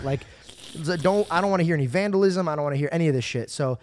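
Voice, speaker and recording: A man hosting a podcast, telling long stories in a casual, animated way and acting out other people's lines. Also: on the high side, fast, a little hiss or hum. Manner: animated, acts out quoted voices, swears freely. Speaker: podcast host. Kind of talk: casual storytelling chat.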